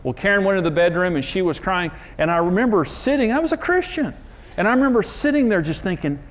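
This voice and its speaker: Earnest man preaching, fairly high voice. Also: lively intonation, brisk. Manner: earnest, emphatic storytelling with sudden pitch jumps; confessional, self-deprecating. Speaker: marriage teacher and TV host. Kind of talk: conversational sermon.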